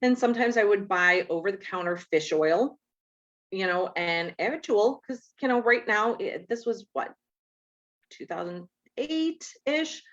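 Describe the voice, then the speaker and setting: A woman's voice: medium pitch, moderate pace. A woman who works as a nurse, talking casually about diet and telling a story with acted-out dialogue. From Chicago area. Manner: chatty storytelling, acts out quoted dialogue. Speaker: nurse and natural health speaker. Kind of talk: casual talk. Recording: dull lo-fi sound.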